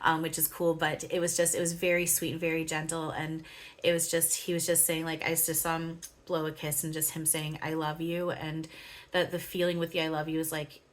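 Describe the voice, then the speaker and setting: A spiritual channeler speaks in a deep voice with completely flat delivery, fairly quickly. Her casual spiritual monologue rambles, full of fillers and frequent giggles.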